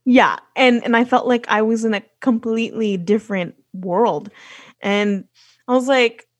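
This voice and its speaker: A young American woman, guesting on a podcast, tells stories in casual conversation with a fairly high voice, speaking a little slowly. She uses many fillers and restarts, and there's no room sound.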